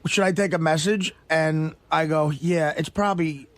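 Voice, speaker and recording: A man who is a regular on a radio show, telling a rambling, self-deprecating story with a gravelly voice. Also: a little high, fairly even intonation, normal speed, a bit bright, dry recording.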